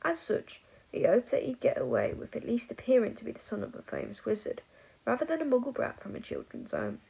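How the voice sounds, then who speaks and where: Woman audiobook narrator, expressive, husky, fairly high voice. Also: a little fast, low-quality recording. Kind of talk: fan fiction audiobook narration.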